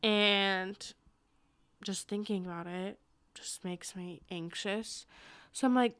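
A young woman co-hosting a podcast, chatting casually and excitedly over a video call, rambling and laughing often. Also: mid-range voice, slow pace, smooth, dry recording. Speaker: podcast co-host.

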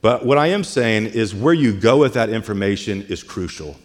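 A man's voice: on the low side, expressive, normal speed. Casual-talking pastor man in a reverberant hall. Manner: casual, conversational retelling with "like" and "hey". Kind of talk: sermon. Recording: long reverb of a large hall.

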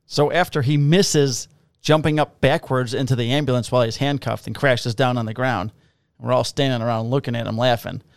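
A man's voice: mid-range voice, fairly even intonation, a little fast, creaky, no echo, clean studio sound. A man, a police officer, casually telling profane, laughing stories about his shifts. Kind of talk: casual storytelling on a podcast.

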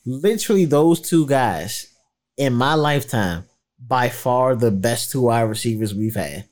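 A man's voice: mid-range voice, a little slow. A man co-hosting a casual sports talk show, talking in a loose, colloquial way and acting out what others told him. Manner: animated, colloquial, slips into quoted voices. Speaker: podcast co-host.

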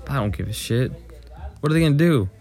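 A man's voice: medium pitch, expressive, fast talker, darkish tone, soft background music. A young man co-hosting a podcast, casually telling a long, profane story about work. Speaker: podcast co-host. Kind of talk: casual chat.

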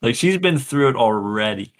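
A man's voice: medium pitch, expressive, moderate pace. A man co-hosting a podcast, chatting eagerly about a TV episode, laughing often and saying "like" a lot. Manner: enthusiastic, laughs often, lots of "like". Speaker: podcast co-host. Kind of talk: casual chat reviewing a TV episode.

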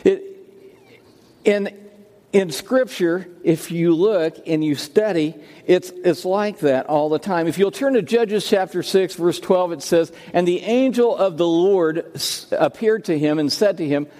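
A pastor delivers a sermon in a fairly high voice, often repeating his words and restarting phrases as he tells his stories. His voice carries a long reverb from a church sanctuary. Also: a little slow, dark tone. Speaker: senior pastor.

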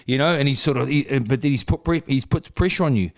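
A man's voice: mid-range voice, quick pace, dry recording. A man with a New Zealand accent tells stories at an easy, laid-back pace, swears freely, and laughs between lines. His voice sits in a middle range. The recording is dry and close, with no room sound. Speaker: podcast guest, former boxer. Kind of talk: casual interview storytelling.

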